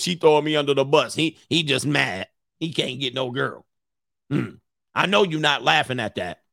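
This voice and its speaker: A man's voice: mid-range voice, a bit bright, no echo, studio quality. A man in his forties, a relationship coach chatting casually on a livestream, joking and rambling and laughing often. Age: 40s.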